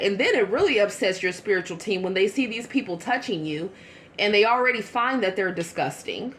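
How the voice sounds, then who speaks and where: A woman giving a casual tarot reading to her viewers, chatty and blunt, with quick asides. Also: mid-range voice, animated, fairly bright tone, a little hiss or hum. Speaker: tarot reader.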